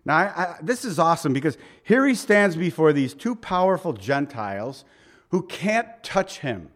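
A middle-aged man delivers a sermon in a talky, conversational way. His voice sits a little high for a man. He leans on rhetorical questions and acts out the quotes he reads. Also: big pitch swings, moderate pace, fairly bright tone. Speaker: pastor.

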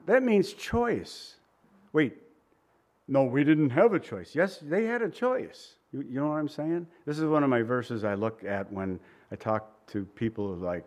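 A man's voice: mid-range voice, very animated, normal speed. A male pastor preaching a sermon in a conversational way, acting out quoted asides and asking rhetorical questions.

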